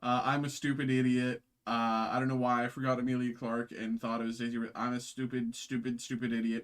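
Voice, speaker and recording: A man's voice: medium pitch, level tone, brisk, few pauses. Rambling man hosting a card break. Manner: self-deprecating, rambling with many fillers and restarts. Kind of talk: live card-opening stream chat.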